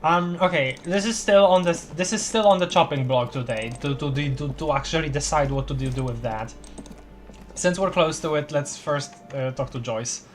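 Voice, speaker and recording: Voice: mid-range voice, normal speed, faint music behind. A streamer in casual commentary over a story game, thinking aloud, reading text and stumbling over words. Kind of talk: casual let's-play commentary.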